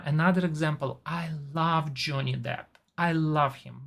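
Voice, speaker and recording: Low, gravelly woman with non-native English. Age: 40s. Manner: chatty, enthusiastic about actors. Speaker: TV and movie reviewer. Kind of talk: casual chat.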